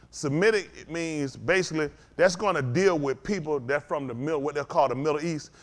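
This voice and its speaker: A man preaching a sermon to a congregation, firing questions at the crowd and swinging between loud and low. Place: congregation hall.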